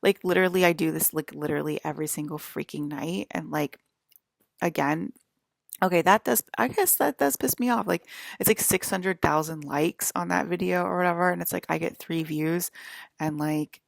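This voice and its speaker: A woman's voice: deep voice, fairly even intonation, normal speed, vocal fry, no room sound, clean studio sound. A woman vlogger talking to her viewers in a rambling, agitated monologue, swearing and restarting often. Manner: rambling, agitated and profane, many fillers and restarts.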